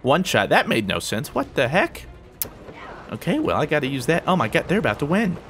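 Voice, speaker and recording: Excitable young man commentating a game. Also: a little high, brisk, faint music behind. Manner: excitable, yelps and squeals when startled; mock-cocky asides to viewers. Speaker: gaming video host. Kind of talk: live gameplay commentary.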